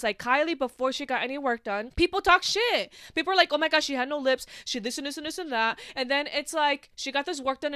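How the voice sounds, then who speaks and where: A young woman carries a solo podcast with a bright, smooth, clear voice pitched a touch high. She talks with passion and plenty of swearing, leaning on "like" and "you know" as she goes. The sound is dry and close, with no room around it. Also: no room sound. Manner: passionate, profane, heavy use of filler "like". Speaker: podcast host. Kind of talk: casual solo podcast monologue.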